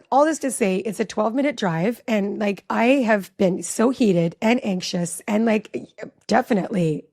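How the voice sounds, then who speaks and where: A woman in her forties, a relationship educator, telling a personal story in an animated, chatty way with lots of "like" in a podcast interview. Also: on the high side, moderate pace, creaky. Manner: animated, chatty, heavy use of "like".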